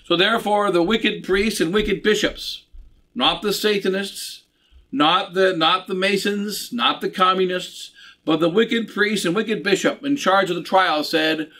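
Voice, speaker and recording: A middle-aged man preaches with a high, bright voice that rings out. His delivery is earnest and insistent, looping back on phrases and stumbling through frequent restarts. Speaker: bishop preaching. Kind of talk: sermon.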